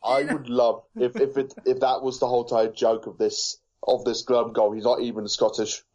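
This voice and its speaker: A man's voice: mid-range voice, little pitch movement, moderate pace, a little mellow, muffled recording. A man co-hosting a casual review chat, rambling with many fillers and restarts. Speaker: podcast co-host.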